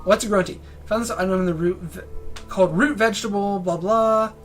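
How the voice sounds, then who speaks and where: Stuffy-nosed dude rambling thru gameplay commentary, jokey, some music in back. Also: male voice, sits high, fairly even intonation, fairly quick. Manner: joking, rambling, trails off. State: nasal from a recent cold. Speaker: game reviewer playing and commenting.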